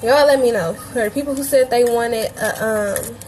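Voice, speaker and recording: A young woman from Cleveland who grew up in Atlanta, a bit hoarse, hosting a casual craft tutorial livestream and chatting loosely with her viewers. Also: a little high, normal speed, a little mellow, a little hiss or hum, rough recording. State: a bit hoarse, feels she is losing her voice.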